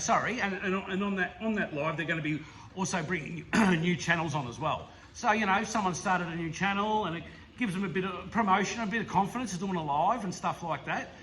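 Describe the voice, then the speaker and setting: An Australian man rambles through a casual roundup with a bright, edgy tone and a slightly raised pitch. He is enthusiastic and laughs often, and a faint hiss sits under his voice. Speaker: slot car hobby channel host.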